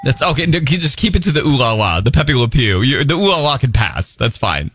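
Laughing radio co-host man, lively voice. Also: medium pitch, brisk, slightly rough, no room sound, studio quality. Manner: laughs a lot, teasing reactions. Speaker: radio morning show co-host. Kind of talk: casual radio banter.

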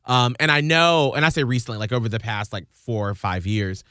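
Man, radio host, casual studio chat, smooth resonant voice, dry close sound. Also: medium pitch, fairly even intonation, a little fast, pushed and bright, dry recording.

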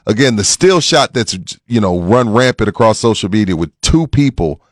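Animated man in his forties, sports radio host. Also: on the low side, moderate pace, dry recording, clean studio sound. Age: 40s. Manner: animated, laughing and raising his voice when riled. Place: radio studio. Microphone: studio mic.

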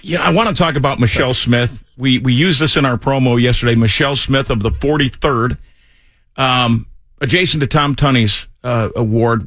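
A man's voice: mid-range voice, dry recording. A man hosting morning talk radio, joking and poking fun at himself. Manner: jokey, self-mocking, animated. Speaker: fill-in radio host. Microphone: studio microphone.

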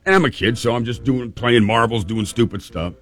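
A man hosting a call-in radio talk show, telling a funny childhood story in a playful, animated way. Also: medium pitch, brisk, soft background music. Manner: lively, playful storyteller who acts out moments.

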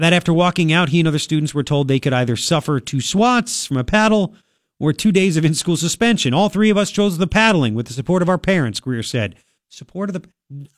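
In a studio, a man with a fairly high voice hosts a radio talk show, chatty and sarcastic while sniffling from a cold. He reads the news aloud with asides in casual commentary. The studio microphone picks up no room sound.

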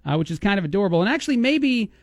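A man's voice: high-pitched, sing-song, no echo, studio quality. A man with a New York accent hosting a radio show, bantering in a playful, teasing way. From East Coast of the US. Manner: playful, teasing, quick joking. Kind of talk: casual studio banter. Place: radio studio. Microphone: studio microphone.

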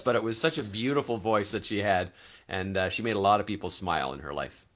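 A man co-hosting a talk show, telling stories in a casual, lively way. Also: fairly low pitch, quick pace. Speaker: co-host. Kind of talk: casual chat.

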